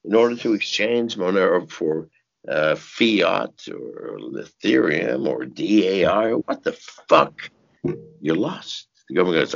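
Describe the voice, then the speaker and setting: An older man with a deep, gravelly, husky voice, talking slowly and cursing freely. He tells his stories in bursts, with sudden leaps up in pitch and chuckles along the way. The audio is dull and lo-fi. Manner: profane, animated storytelling with sudden high shouts and laughs. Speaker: interview guest. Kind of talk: casual interview talk.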